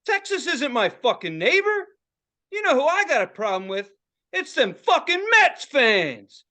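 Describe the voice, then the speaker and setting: A man voicing an older male record store owner who rants loudly and profanely about baseball. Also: very high-pitched, brisk, pitched above the performer's own voice. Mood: ranting. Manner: loud, profane, ranting.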